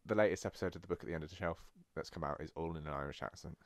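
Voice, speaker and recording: A man's voice: rumbling low, racing, no echo. A young man co-hosting a casual film podcast, rambling and self-deprecating, often laughing at himself. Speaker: podcast co-host. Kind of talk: casual chat.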